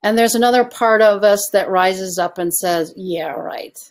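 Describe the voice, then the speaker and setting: A woman's voice: mid-range voice, normal speed. A woman success coach giving an online coaching presentation, asking her audience questions and inviting replies in the chat.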